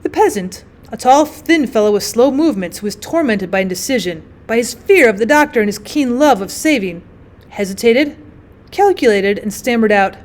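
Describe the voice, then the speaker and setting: A woman teacher giving a measured, clear scripted narration of a short story. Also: on the high side, expressive, a little mellow.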